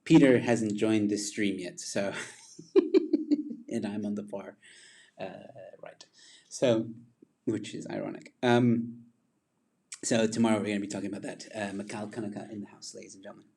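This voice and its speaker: A man hosts a loose livestream chat and wanders between topics as he goes. His voice sits a little low, and he breaks into laughter at himself often. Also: fairly even intonation, moderate pace, vocal fry, long pauses, warm tone. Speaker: livestream host.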